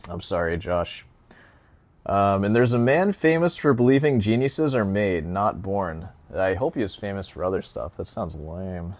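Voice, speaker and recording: A man's voice: low-pitched, animated, unhurried, darkish tone, dry recording. A young man hosting a casual solo podcast as a guitar teacher, rambling and joking with lots of fillers, a little out of breath. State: slightly out of breath.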